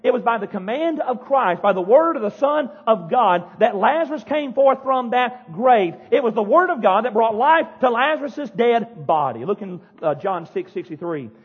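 A man preaching a fiery sermon as pastor, yelling and pounding the pulpit in a church. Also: very high voice, expressive, normal speed, hardly any pauses, husky. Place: church sanctuary. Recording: dull echoey church hall.

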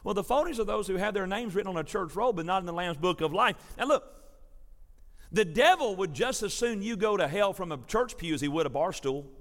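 A man preaching a sermon, telling a folksy story to his congregation in a lively, animated way. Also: high-pitched, a little fast. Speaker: pastor. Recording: preached in a reverberant sanctuary.

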